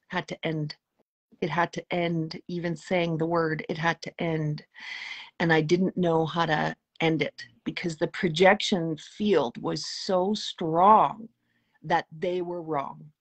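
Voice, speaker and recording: As an interview guest, a middle-aged woman with a lowish voice shares a personal spiritual story. She's earnest and emotional, often sinking into a soft, hushed tone.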